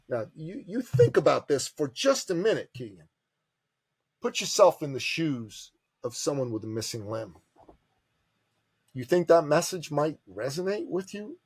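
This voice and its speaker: A man telling a business story as a podcast guest, animated and emphatic, calling the listener brother. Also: a little high, a little slow, slightly rough, dry recording.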